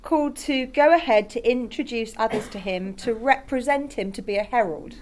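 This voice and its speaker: A woman's voice: on the high side, moderate pace, darkish tone. A woman preaching a sermon in a conversational, enthusiastic way, speaking directly to her congregation. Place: church in Rotterdam.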